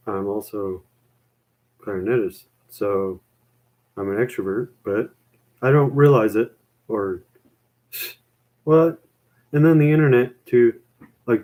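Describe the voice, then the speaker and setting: A man's voice: lowish voice, warm tone, poor audio. A young man rambling in a casual chat with his viewers, self-mocking and full of "man" and "dude".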